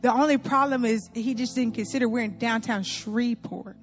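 A woman from Louisiana telling a funny story to an audience, animated, laughing often and calling her listeners y'all. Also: on the high side, a little fast, faint music behind.

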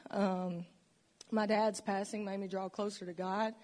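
A woman's voice: medium pitch, little pitch movement, a little slow, darkish tone. A woman giving a personal testimony in a church, speaking earnestly and reflectively about her faith and struggles. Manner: earnest, emotional, reflective storytelling. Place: church sanctuary.

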